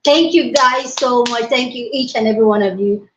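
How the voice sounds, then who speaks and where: A woman hosting a casual livestream from her mobile phone, hyper, excitable and loud as she greets her viewers. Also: on the high side, moderate pace, noisy background. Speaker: livestream host. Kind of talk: casual live-stream chat. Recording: roomy, dull lo-fi phone audio.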